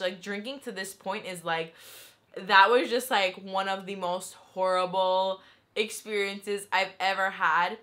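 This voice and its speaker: A young adult woman telling a story in a casual, animated vlog style, saying "like" constantly. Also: mid-range voice, a little slow. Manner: chatty and animated, heavy use of "like". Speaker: vlogger.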